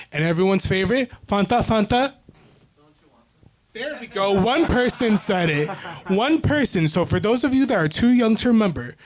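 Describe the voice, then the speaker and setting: A man with a high-pitched voice rambles through a stand-up set on a comedy club stage mic. He corrects himself and loses his thread, but keeps going. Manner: meandering, awkward, self-correcting. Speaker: stand-up comedian, brand-new. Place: comedy club stage in New York City.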